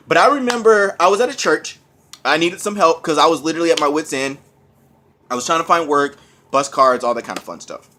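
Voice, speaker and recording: A man's voice: fairly high pitch, fairly bright tone, slight background noise. Sick, coughing man ranting angrily. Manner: profane, heated ranting. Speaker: vlogger. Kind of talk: angry ranting vlog.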